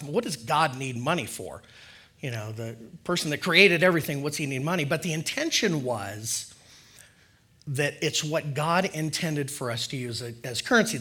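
A man's voice: fairly high pitch, bright, forceful tone. A man giving a casual, conversational sermon in church, friendly and loose with filler words. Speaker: lay preacher.

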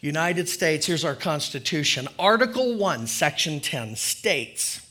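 A man's voice: fairly high pitch, sing-song, measured pace, hardly any pauses, pushed and bright. A man giving a casual, conversational sermon in church, friendly and loose with filler words. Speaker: lay preacher.

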